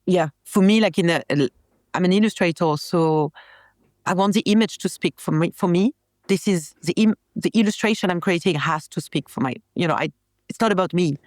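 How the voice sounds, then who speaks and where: A woman's voice: lowish voice, moderate pace, no echo. Rambling French woman, dry close sound. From France. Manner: rambling, chatty, frequent restarts. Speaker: podcast guest, illustrator. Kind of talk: casual interview chat.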